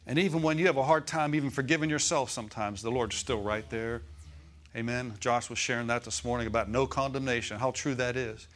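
A man's voice: mid-range voice, steady tone, a little fast, fairly bright tone. A man preaching a sermon to his church in an easygoing style, often asking the congregation whether they follow him. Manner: conversational preaching, asks the congregation for agreement. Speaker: pastor.

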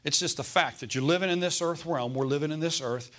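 A man's voice: on the high side, fast, fairly bright tone. Man preaching, calling for amens. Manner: calls for amens, repeats phrases for emphasis. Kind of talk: sermon.

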